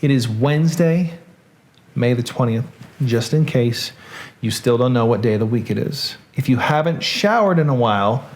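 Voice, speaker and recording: A man's voice: medium pitch, animated, moderate pace, slight background noise. A man with a Southern accent hosting a reading show, chatting in a loose, joking, rambling way. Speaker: host. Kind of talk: casual show sign-off.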